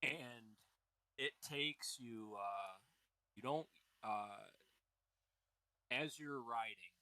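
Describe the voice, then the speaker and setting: Relaxed man running a tabletop game. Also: mid-range voice, very slow, no room sound, rough recording. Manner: relaxed, explanatory, chuckling. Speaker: game master.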